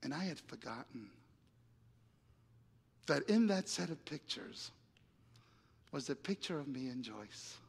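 A man preaching, telling a personal story with lively acted-out dialogue and big swings between loud and hushed lines. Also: medium pitch, a little slow, vocal fry, long pauses, slightly rough. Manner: animated storyteller acting out dialogue, dramatic volume swings. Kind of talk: sermon storytelling. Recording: reverberant hall.

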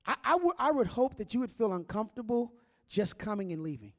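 Male pastor, high-pitched voice, animated sermon delivery with call-and-response. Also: brisk.

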